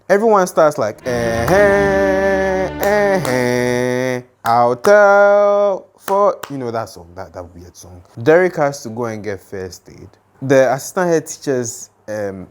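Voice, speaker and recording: A young man casually telling a childhood story, lively and dramatic, with lots of fillers. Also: medium pitch.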